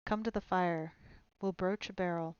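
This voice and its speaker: A woman reading aloud and voicing a gruff, boastful male dwarf elder in a blunt, matter-of-fact way. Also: lowish voice, fairly even intonation, moderate pace, darkish tone, dry recording, muffled recording, natural voice.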